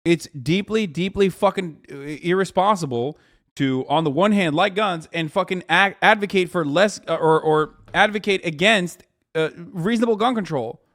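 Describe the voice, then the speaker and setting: A man's voice: high-pitched, normal speed, fairly bright tone. A man streaming a reaction video, ranting heatedly and profanely and tripping over his words. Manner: profane, ranting, talks over himself with restarts. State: agitated, at times shouting.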